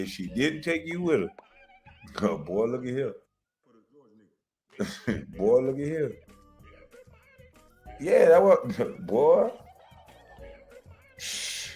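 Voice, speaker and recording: Laughing, loud-talking man telling stories. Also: medium pitch. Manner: loud, laughing, swearing storyteller. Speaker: show host. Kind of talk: casual storytelling chat.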